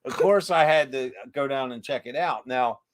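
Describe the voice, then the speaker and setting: A man's voice: medium pitch, moderate pace. A man in casual chat, carefully explaining what he saw on a ghost hunt, laughing often. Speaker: paranormal investigator co-host.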